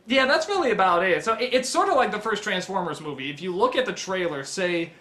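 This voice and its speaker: A man's voice: sits high, expressive, a little fast, bright, forceful tone, echoey room. A man giving a casual spoken film review, rambling with lots of ums and frequent chuckles.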